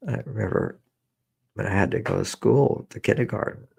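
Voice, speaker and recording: A meditation teacher with a low, gravelly, husky voice leads a guided meditation. He speaks slowly and repetitively, gently coaxing listeners toward their feelings while weaving in his own personal memories.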